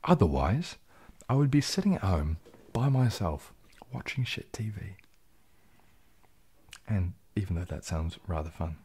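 A man hosting a relaxed, jokey live stream, reading out and answering viewer comments, a little tipsy from champagne and sometimes dropping into a whisper. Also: low-pitched, measured pace, pauses often, husky. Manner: laid-back and jokey, drifting into soft whispers. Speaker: ASMR channel host.

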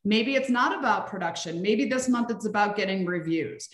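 A woman talking as a guest in a casual conversation, chatty and animated, acting out little scenes. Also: mid-range voice, normal speed. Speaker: guest, practice consultant. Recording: echoey room.

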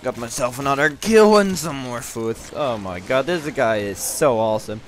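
A young man giving excitable, profane commentary on his own gameplay, whooping when things go well. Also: mid-range voice, normal speed, a little hiss or hum. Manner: excitable, swearing, yelps and whoops at kills. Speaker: gaming video host.

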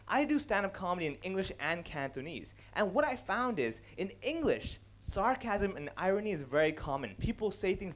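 A young man giving a stand-up style talk on comedy, animated and acting out other people's lines as he speaks. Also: high-pitched. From India. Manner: animated, acts out other people's lines, laughs at own jokes. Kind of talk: stage talk on comedy, switching between English and Cantonese.

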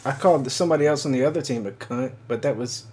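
A woman's voice: a bass voice, fast talker, a little mellow. A woman in online game chat, teasing her teammates playfully and swearing. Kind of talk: casual gaming voice chat. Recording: noisy voice chat recording.

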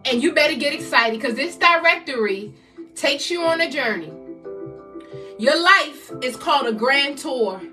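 A woman in her fifties from the United States, a motivational speaker giving a loud, exhorting live-stream talk that keeps repeating rallying phrases. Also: sits high, recorded from a distance. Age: 50s.

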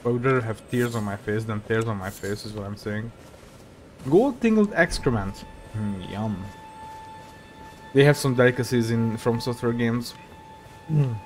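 A young man talks through his game in a loose, joking way, cursing at the enemies and chatting to the creatures on screen. His voice sits at an ordinary middle pitch. Faint music plays underneath. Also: fairly even intonation, moderate pace. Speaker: gaming video creator. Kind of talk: casual gameplay commentary.

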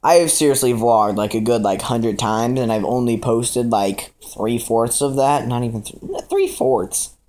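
A man's voice: mid-range voice, unhurried, darkish tone. Rambling guy vlogging at home. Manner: rambling, scattered, lots of fillers. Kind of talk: casual solo vlog. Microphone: action camera.

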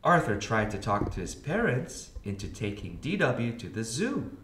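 A man, a kindergarten teacher, reading a storybook aloud to children with expressive storytelling. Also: on the low side, normal speed. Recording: roomy echo.

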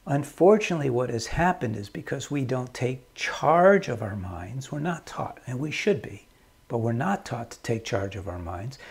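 A man giving calm marriage advice in a measured way, often repeating his key phrases. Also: mid-range voice, creaky, slightly rough. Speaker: marriage counselor.

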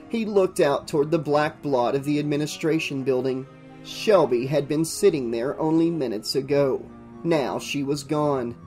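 Steady audiobook narrator over soft music. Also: medium pitch. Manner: steady storytelling read.

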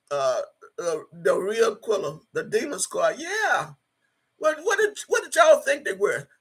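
This woman, in her sixties, has a medium-pitched voice that's husky yet a bit bright. Streaming casually from her home, she reads comments aloud with blunt, profane emphasis, saying things over again.

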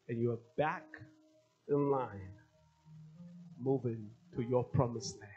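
A man's voice: mid-range voice, expressive, takes it slowly, pauses often, darkish tone, muffled recording, soft background music. A male pastor preaching a sermon, emphatic and repeating his key phrases.

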